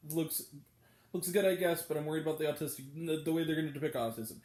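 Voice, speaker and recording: A man's voice: a little high, fast, darkish tone, echoey room. A man giving a blunt, exasperated, profane movie review as host of his own show. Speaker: film reviewer.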